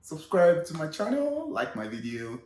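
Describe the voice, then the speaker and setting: A Nigerian man vlogging casually, relaxed and chatty, slipping into Pidgin now and then. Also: fairly high pitch, moderate pace. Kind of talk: casual vlog talk. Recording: echoey room.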